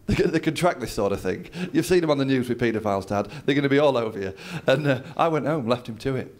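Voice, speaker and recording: A man's voice: medium pitch, expressive, fast. A man doing a stand-up comedy routine on stage, telling a story and acting out other people's lines. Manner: storytelling, acts out his dad's lines. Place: comedy venue with a live audience.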